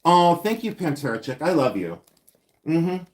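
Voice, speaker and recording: A man hosting a casual live stream, chatty, excitable and self-mocking as he shows vintage finds indoors. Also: on the high side, normal speed. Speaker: livestream host selling vintage finds. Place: indoors at home, seated with items.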